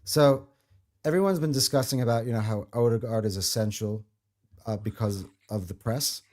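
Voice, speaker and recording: This football podcast host, a man, speaks at a moderate pace in a medium, slightly mellow voice. He keeps the conversation casual, friendly and enthusiastic, though he restarts frequently.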